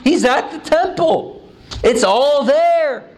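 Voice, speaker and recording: Male pastor with a high voice; animated, emphatic sermon delivery with restarts. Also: takes it slowly. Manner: animated preaching, pitch swings from low and quiet to high and emphatic; repeats words when starting phrases.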